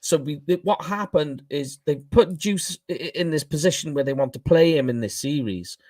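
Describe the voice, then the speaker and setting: A man with a Welsh accent co-hosting a casual sports podcast, animated and quick to laugh at his own slips. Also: on the high side, no room sound. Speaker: co-host.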